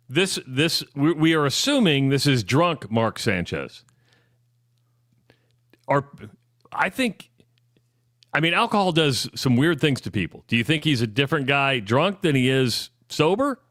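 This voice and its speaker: A man co-hosts sports talk radio with a somewhat high-pitched voice and a close, dry studio sound. He keeps the conversation moving by posing questions and recapping the story. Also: animated, unhurried, pauses often, fairly bright tone, no room sound. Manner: questioning, conversational, leading with prompts.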